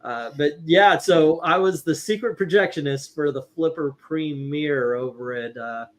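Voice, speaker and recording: A man's voice: a little high, unhurried. Rambling, profane middle-aged male storyteller. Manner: rambling anecdotes with many restarts, swearing, laughing. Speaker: livestream host. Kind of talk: casual chat, storytelling.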